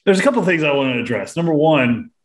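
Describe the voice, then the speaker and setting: A man hosting a casual movie podcast, giggly and lively. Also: on the high side, fast. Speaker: podcast host.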